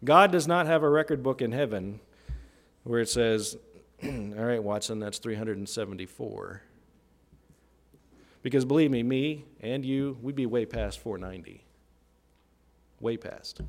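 A man of middle pitch preaching a sermon. He keeps it conversational and checks in with the congregation as he walks through a passage. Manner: conversational, asks listeners questions, tag "right?".

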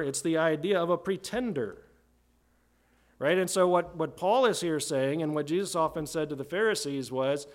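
A middle-aged man preaching a sermon in a conversational way, often checking in with "right?". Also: fairly high pitch. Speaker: pastor.

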